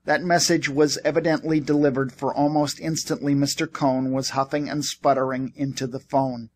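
A man narrating an audiobook in an even, steady storytelling manner. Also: medium pitch, normal speed, slight background noise.

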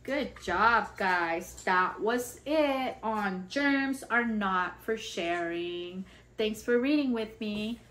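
A woman reading a picture book to toddlers in a slow, sing-song way, acting out sneezes and sounds. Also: medium pitch, a bit bright. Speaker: children's educator reading aloud.

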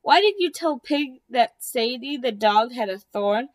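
A woman voicing an excitable, gossipy hen in a read-aloud storybook, exclaiming indignantly. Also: fairly high pitch, measured pace, dry recording. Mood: eager.

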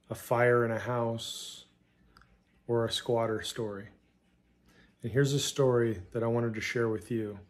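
A man of middle pitch narrates a story, walking the listener through it step by step. His telling is steady and plain-spoken, the voice of a channel host. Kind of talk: second-person storytelling narration.

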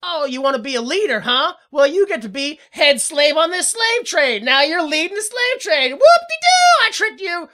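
A woman's voice: very high voice, very animated, normal speed, hardly any pauses, bright, forceful tone, voice pushed up, exaggerated voice. A woman voicing a smug male storyteller in a sarcastic, taunting way.

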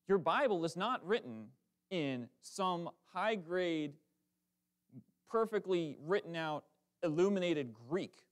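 A man delivers a sermon in a church, his voice sitting a little high for a man. He speaks, keeping it conversational and lively, full of quick asides and self-corrections as he talks to the congregation. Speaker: preacher. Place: church sanctuary.

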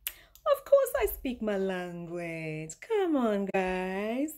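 A woman's voice: medium pitch, wildly swooping pitch, extremely slow, a little mellow. A young woman from Uganda with a British South London accent, chatting playfully in a casual vlog and laughing often. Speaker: vlogger.

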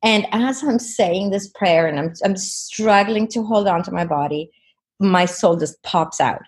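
A woman's voice: medium pitch, unhurried. A woman guest in an interview, earnestly retelling a personal experience with many "you know"s. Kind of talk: personal storytelling.

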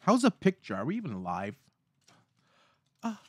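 A man's voice: a little high, wildly swooping pitch, a little slow, husky, no echo. A man chatting casually to camera, telling a rambling story in a playful, theatrical way and mocking himself as he goes. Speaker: food vlogger.

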